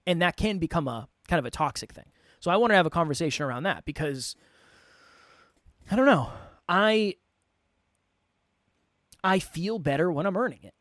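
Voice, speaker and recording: A man co-hosting a podcast in casual chat, talking quickly and animatedly, his voice a little worn from a long day. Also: a little high, dry recording, studio quality. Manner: quick, animated, self-correcting. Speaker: podcast co-host.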